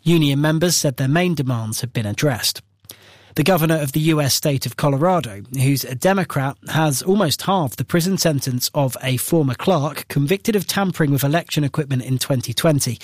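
Brief: male newsreader, slightly high voice, dry studio sound, measured bulletin read. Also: dry recording. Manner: measured, even delivery. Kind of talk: news bulletin reading.

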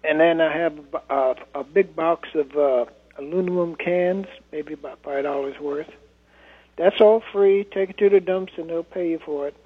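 Husky male caller on a tinny phone line. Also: on the high side, moderate pace. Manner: hesitant, many fillers, plainspoken. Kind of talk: phone-in call.

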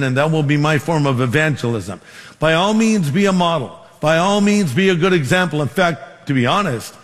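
Male pastor, sermon, lively storytelling, slightly high voice, long hall echo. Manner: storytelling with quoted dialogue, numbered points.

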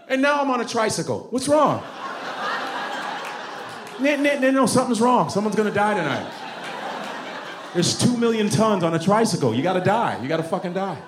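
A man doing a profane stand-up comedy routine, animated, often bursting into shouts. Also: a little high.

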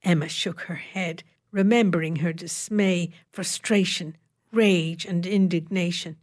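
Lowish woman narrating a story. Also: steady tone, unhurried. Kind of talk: audiobook narration.

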